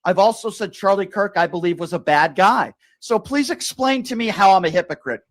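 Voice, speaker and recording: A high-voiced man hosts a political call-in show and argues with a caller, hammering the same questions again and again and cutting him off. The sound is dry and close. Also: lively intonation, fairly quick, no room sound. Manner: combative, repeats questions, talks over the caller. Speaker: show host. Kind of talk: heated political call-in argument.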